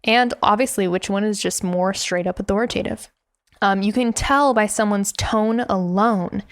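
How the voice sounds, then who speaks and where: A woman hosts a business coaching podcast, giving instructional talk in a direct, emphatic manner. She laughs often and demonstrates tone by example. Her mid-range voice moves at a moderate pace, with clean studio sound and no echo.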